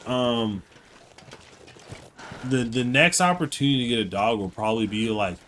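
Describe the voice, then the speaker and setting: A man's voice: mid-range voice, normal speed, fairly bright tone, a little hiss or hum. A man co-hosting a live game stream, chatting casually in a rambling, playful way. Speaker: streamer co-host. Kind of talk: casual live-stream chat while gaming.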